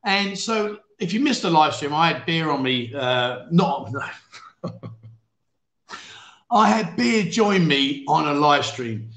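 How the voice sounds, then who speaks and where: With a fairly high, sing-song, fairly bright voice, this man talks slowly with long pauses in a roomy-sounding space. A Londoner from England with a faded accent who lives in Thailand, he hosts a casual livestream chat show, going through viewer comments, making fun of himself, laughing frequently and staging mock-outraged outbursts.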